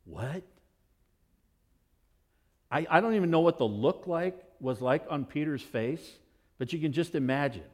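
A man preaching a sermon as pastor, telling the story in an animated, expressive way. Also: fairly high pitch, a little slow, pauses often.

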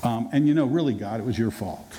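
A man's voice: mid-range voice, expressive, quick pace, warm tone, a little hiss or hum, pitched below the performer's own voice, lightly acted. A man voicing a complaining male prophet who defensively blames God, in a whiny, indignant manner, in a reverberant hall.

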